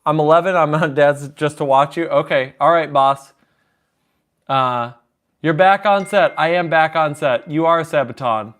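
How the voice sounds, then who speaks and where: A man's voice: fairly high pitch, moderate pace, a bit bright. A man live-streaming at the piano, chatting casually, reading chat aloud and joking while taking song requests. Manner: chatty, reads chat aloud, jokey asides. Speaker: livestreaming pianist taking requests. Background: piano music.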